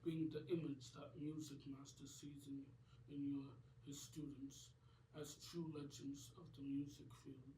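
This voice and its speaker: A man voices a regal rock-and-roll monarch who speaks with slow, unhurried authority. It has an amateur cartoon feel. The recording is echoey and distant. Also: medium pitch, little pitch movement, warm tone, slight background noise, lightly acted. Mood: regal calm. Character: regal male rock-and-roll king, calm and commanding. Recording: roomy echo, distant mic.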